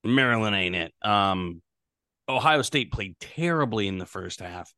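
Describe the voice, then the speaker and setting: A man's voice: fairly low pitch, lively intonation, unhurried, bright, forceful tone, no echo, studio quality. A man co-hosting a casual sports podcast, talking through stats with frequent fillers. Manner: conversational, stats-heavy, many fillers. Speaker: podcast co-host.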